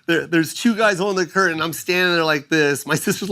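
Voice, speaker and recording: A man telling a long story in casual podcast talk, animated, acting out quoted people in raised voices, with fillers, restarts and frequent "right?" checks. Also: on the high side, brisk, very noisy. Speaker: comedian guest telling a story.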